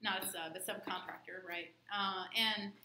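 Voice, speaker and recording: A woman's voice: medium pitch, steady tone, normal speed. A woman who works as a leadership trainer, chatting casually with a group and telling stories animatedly, acting out whispered exchanges. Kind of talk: casual group check-in chat. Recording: echoey room with clear background noise.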